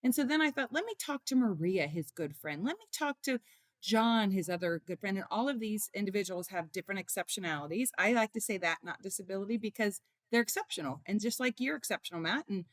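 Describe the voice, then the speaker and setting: A middle-aged woman, a mother and author, telling heartfelt stories in an interview with animated feeling. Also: medium pitch, fast talker, no echo, studio quality. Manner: emotional, animated storytelling. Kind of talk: conversational interview storytelling.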